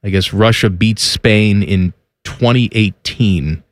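A man's voice: fairly low pitch, takes it slowly, no room sound. A man co-hosting a casual sports talk show, joking around and reading stats aloud in a rambling way. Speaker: co-host.

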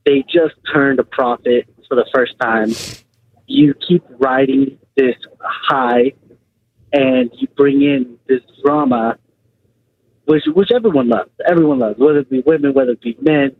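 A man's voice: mid-range voice, very animated, measured pace, slight background noise. A man calling in to a radio show, making his points earnestly and repeating himself. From California. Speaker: caller. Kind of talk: call-in radio talk. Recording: tinny phone line.

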